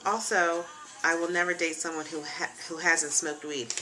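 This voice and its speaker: A woman's voice: deep voice, flat delivery, moderate pace, sharp tone, faint music behind. A young woman hosting her own casual web show from a chair at home, chatty, frank and joking, with plenty of ums and asides. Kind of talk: casual chat. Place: home room, seated in a leather chair.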